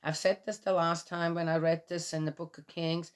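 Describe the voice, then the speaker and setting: A woman's voice: fairly low pitch, level tone, normal speed, clear, resonant tone. A woman reading a Bible passage aloud and commenting on it in a casual, skeptical way, asking many rhetorical questions.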